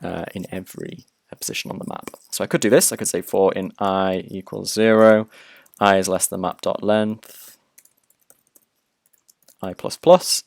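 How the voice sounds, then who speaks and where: A man's voice: sits low, fairly even intonation, unhurried, creaky, pauses often, dry recording, studio quality. A man teaching programming in a recorded lecture, explaining step by step in a chatty way with many fillers and restarts.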